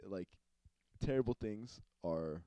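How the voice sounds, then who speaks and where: A man's voice: low-pitched, animated, slow pace, dark tone. A young man co-hosting a podcast, rambling through crude casual banter with many fillers. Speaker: podcast co-host.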